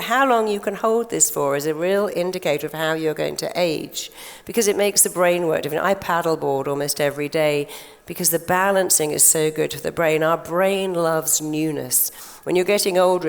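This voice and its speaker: This older woman's voice is low-pitched and creaky. She gives a chatty, story-filled stage talk to a live audience, acting out quotes, and the large conference hall adds long reverb.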